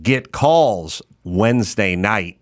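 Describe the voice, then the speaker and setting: A man's voice: on the low side, animated, takes it slowly, no echo, clean studio sound. A man hosting a podcast, telling a wry story in casual chat. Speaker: podcast host.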